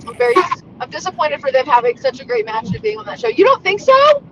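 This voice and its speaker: Loud, gushing woman calling in from a car. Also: very high-pitched, big pitch swings, fast, muffled recording. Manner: loud, gushing, profane, laughs often. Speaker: podcast co-host calling in. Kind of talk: casual chat while driving. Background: road noise.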